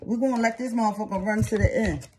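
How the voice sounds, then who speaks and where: Lady doing a tarot reading, cusses a lot, kinda high voice, lots of background noise. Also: quick pace. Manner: blunt, profane, streetwise talk. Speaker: tarot reader. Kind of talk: casual tarot reading to camera.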